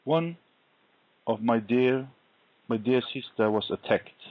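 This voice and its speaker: A man sharing a faith testimony in an interview, telling his story earnestly and deliberately. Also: mid-range voice, dry recording. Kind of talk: conversational interview, personal testimony. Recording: dull lo-fi recording.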